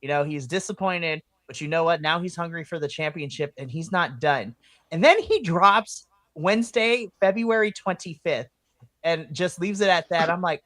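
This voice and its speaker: Woman podcast co-host, excitable, bright, dry close sound, laughs and swears. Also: on the low side, normal speed, no echo. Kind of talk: casual chat.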